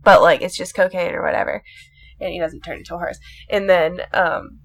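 A woman's voice: lowish voice, fairly even intonation, brisk. A young woman in casual chat, rambling animatedly through a movie plot, full of swearing and filler words.

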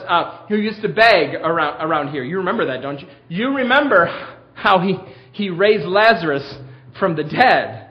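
A high-voiced preacher putting on a bold male apostle who presses a listening crowd with urgent questions. His tone is insistent and lively. The recording is dull and lo-fi.

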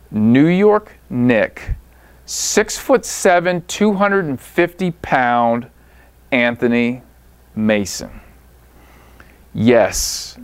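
A man tells a coaching story with lively swings in his voice, jumping up high when he acts out quotes. His voice is smooth and clear. The sound is close and dry. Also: no room sound. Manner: animated anecdote-telling with voiced quotes. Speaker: basketball coach.

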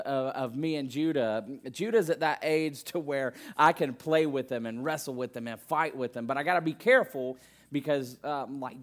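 A young man preaching a conversational sermon, telling family stories in an animated way with frequent restarts. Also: mid-range voice.

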